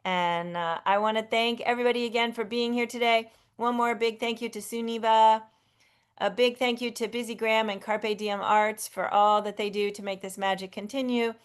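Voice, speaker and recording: A woman's voice: a little high, steady tone, moderate pace, smooth. Effusive woman hosting a video sing-along. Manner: effusive, chatty, restarts often. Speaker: host of an online sing-along. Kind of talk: casual live-stream hosting.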